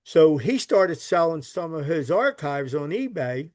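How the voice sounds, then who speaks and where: Philly man, casual rambling storyteller, a little high-pitched, bone-dry sound. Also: sing-song, unhurried, a little mellow, no room sound. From Philadelphia. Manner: rambling, repeats words, swears casually. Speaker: podcast guest, recovery literature collector.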